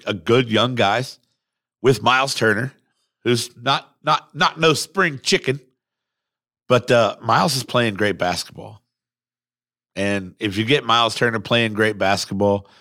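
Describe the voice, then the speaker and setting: A man hosting a sports podcast, talking casually in a rambling, excitable way with some swearing, recorded at a microphone. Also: mid-range voice, dry recording, studio quality. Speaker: podcast host. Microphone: studio microphone.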